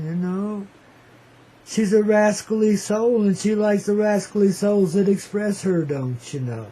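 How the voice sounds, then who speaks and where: A man's voice: fairly high pitch, dark tone, a little hiss or hum, low-quality recording. A man hosting a radio show, rambling in a playful, slangy, cosmic way and calling listeners "baby". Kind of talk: freewheeling hippie radio monologue.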